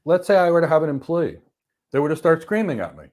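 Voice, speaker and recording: A man co-hosting a podcast, talking in a measured, deliberate way and slowing down on emphatic phrases as he tells a story. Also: on the high side, sing-song, a little mellow. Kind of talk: casual conversation, storytelling.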